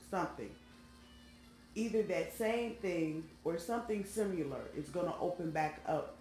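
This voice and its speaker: The tarot reader here has a mid-range, slightly mellow voice and chats informally with viewers while arranging cards. Soft background music plays in a room with an open, roomy sound.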